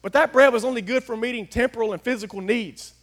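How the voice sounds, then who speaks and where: A man delivers a sermon in a notably high voice. He talks folksy and plain, dropping to quiet confiding asides and then rising to loud, emphatic declarations. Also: quick pace. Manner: folksy, swings from hushed to shouting. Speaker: pastor.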